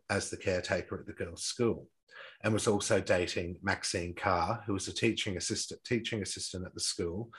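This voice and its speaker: Husky deep-voiced man reading notes. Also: low-quality recording. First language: not English-accented, says his English accent is poor. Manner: reads from notes, stumbles and restarts often. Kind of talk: casual true-crime retelling.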